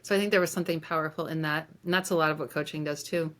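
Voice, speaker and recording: A woman's voice: low voice, steady tone, racing. A woman life coach speaking as a podcast guest, reflective and earnest in conversational storytelling. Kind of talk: conversational interview.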